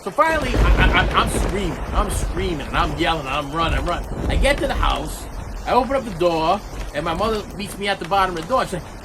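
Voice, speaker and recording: High-voiced man ranting a childhood story. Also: a little fast, slightly rough. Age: middle-aged. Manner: animated, repetitive, acts out scenes. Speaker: vlogger. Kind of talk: storytelling rant.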